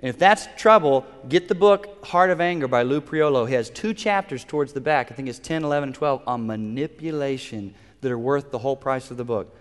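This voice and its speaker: A man's voice: medium pitch, a little fast, hardly any pauses. A man preaching a sermon as a pastor, earnest and instructive, leading into prayer. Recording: long hall reverb.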